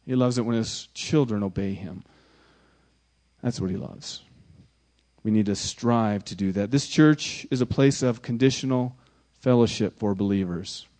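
A man preaching a sermon as pastor, speaking emphatically, swinging from loud exclamations to hushed lines, often repeating words for emphasis. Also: on the low side, a little slow.

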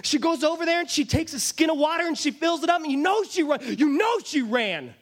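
High-voiced man preaching a sermon. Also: lively intonation, fairly quick. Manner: emphatic storytelling, acts out voices. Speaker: pastor.

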